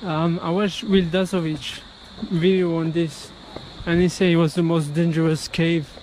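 A man's voice: on the high side, little pitch movement, moderate pace, a little mellow, slight background noise, poor audio. A young man making a casual travel vlog outdoors on a hike, talking into an action camera with blunt, offhand remarks and the odd swear word. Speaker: travel vlogger. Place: outdoors on hiking trails and in caves.

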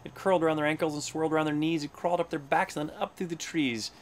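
A man's voice: on the high side, fairly even intonation, fast talker, a little hiss or hum. A man reading a children's rhyming storybook aloud, giving the animals little voices in a sing-song way. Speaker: storybook reader. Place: aboard a space station.

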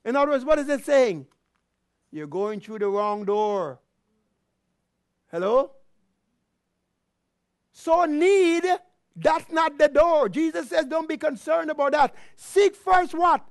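A man's voice: very high-pitched, no echo, studio quality. A man preaching a sermon as pastor, asking the congregation questions and calling out praise. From Canada. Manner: preaching with call-and-response questions and exclamations.

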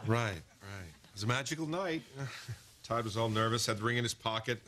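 A man's voice: lowish voice, lively intonation, normal speed, background noise, natural voice. A man acting in a sitcom as a playful, pleading doctor husband. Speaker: actor playing a doctor husband.

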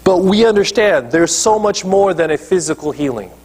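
Male pastor mid-sermon, emphatic, keeps checking in with the congregation; husky tone. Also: high-pitched, expressive, moderate pace, a little mellow. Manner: emphatic preaching, checks in with listeners. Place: church.

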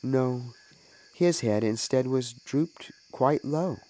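Man, minister, reading a story aloud, slow, unhurried. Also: medium pitch, mellow, low-quality recording.

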